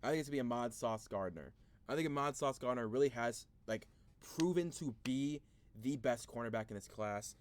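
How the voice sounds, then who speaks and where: A man's voice: medium pitch, brisk. Rambling man doing mock draft commentary. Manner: rambling, frustrated, thinking aloud with restarts. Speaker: sports video host.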